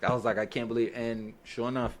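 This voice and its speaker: A man's voice: mid-range voice, quick pace. A man, a record producer, telling studio stories in a casual interview, swearing freely and acting out the people in them. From New York. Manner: animated storyteller, acts out quoted voices, swears freely.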